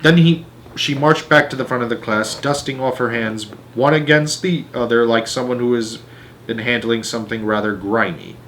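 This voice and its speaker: A man reading a children's book aloud, animated, often stumbling and correcting himself. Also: medium pitch, moderate pace, slight background noise. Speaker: storyteller.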